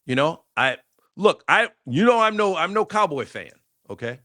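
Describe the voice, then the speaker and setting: A man's voice: fairly high pitch, big pitch swings, normal speed, pushed and bright. A man co-hosting a sports talk show, debating football casually and thinking aloud with frequent restarts.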